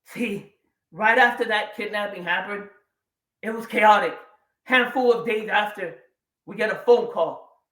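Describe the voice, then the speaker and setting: A man in his forties giving a keynote talk on stage, telling a personal story with dramatic pauses and sudden swings between quiet and loud. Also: sits high. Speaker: keynote speaker. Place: large event room or hall. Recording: echoey hall, voice a bit distant.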